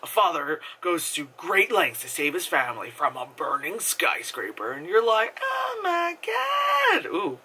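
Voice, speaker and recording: A man's voice: on the high side, lively intonation, normal speed, hardly any pauses, bright, forceful tone, a little hiss or hum. A man giving a casual, rambling movie review, full of fillers and swearing. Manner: rambling, filler-heavy, profane.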